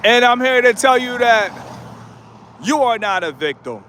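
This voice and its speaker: This American YouTuber in his late thirties has a very high, expressive voice and speaks unhurriedly with a sharp tone, over a slight hiss or hum. He is live-streaming a motivational rant while walking outdoors through a residential neighborhood with passing cars, bluntly and repetitively exhorting viewers to toughen up.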